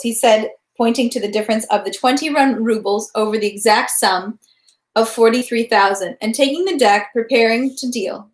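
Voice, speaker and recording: A woman reading a novel aloud, steady with small slips and restarts. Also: fairly high pitch, moderate pace, echoey room. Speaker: reader of a novel. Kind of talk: read-aloud narration.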